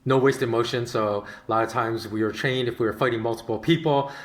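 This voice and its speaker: A man's voice: medium pitch, brisk. Man telling stories in an echoey room. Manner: animated, rambling, with frequent fillers. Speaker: podcast host. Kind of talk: casual storytelling monologue.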